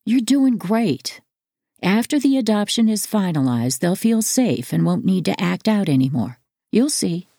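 Woman narrator doing a cheery caseworker lady, low gravelly voice, dry sound. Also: very animated, unhurried, dark tone, no room sound, heavily acted. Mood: reassuring. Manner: encouraging, upbeat. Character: reassuring female adoption caseworker.

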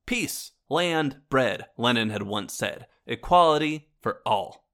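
A man's voice: mid-range voice, animated, takes it slowly, a bit bright. A man hosting a history show, narrating from a script and turning to his listeners with wry asides. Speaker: history podcast host.

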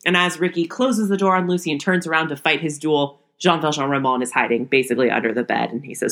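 Low-voiced woman recapping casually. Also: quick pace, hardly any pauses, fairly bright tone. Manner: chatty, laughs often, many fillers. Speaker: podcast host.

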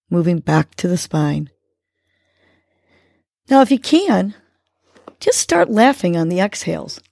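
A woman hosting a podcast, leading a guided breathing exercise and giving a gentle, encouraging pep talk. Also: lowish voice, vocal fry, no echo, clean studio sound. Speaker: podcast host.

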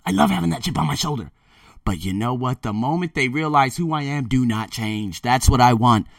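A man speaks in an emphatic, animated monologue, and his pitch rises and falls a lot. He often repeats phrases as he talks. The sound is dry, with no room echo, but he sits a little back from the microphone. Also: brisk, gravelly, distant mic. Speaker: vlogger. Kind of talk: casual monologue to camera. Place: Thailand.

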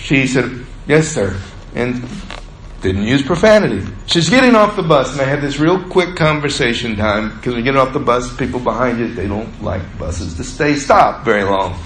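A man preaching a sermon in a folksy storytelling way, stretching out words for emphasis and dropping low on asides. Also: expressive, moderate pace, a bit bright, a little hiss or hum. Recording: echoey room with faint ambience.

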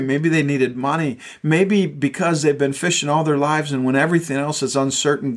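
A man preaching a sermon, retelling a story in an earnest way and often stumbling over repeated words. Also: a little high. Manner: earnest storytelling with frequent stammered word repeats. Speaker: pastor.

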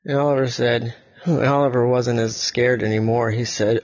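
A man improvising a bedtime story, telling it in a hesitant, halting way with many restarts. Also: mid-range voice, little pitch movement, creaky, a little mellow, lo-fi sound.

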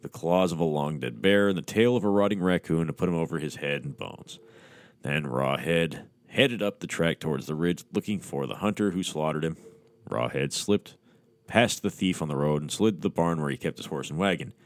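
A man's voice: extremely low pitch, moderate pace, dry recording. A man hosting a podcast, reading a horror story aloud with crude, mocking asides. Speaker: podcast host.

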